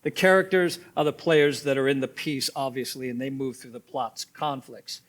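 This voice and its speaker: A man's voice: medium pitch, fairly even intonation, moderate pace. A man leading a church drama workshop, giving instruction and repeating key points, often checking in with "okay?". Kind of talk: teaching seminar.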